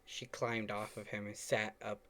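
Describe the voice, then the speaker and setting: A podcast co-host chatting casually and reading fan fiction aloud, animated and swearing freely. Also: mid-range voice, moderate pace.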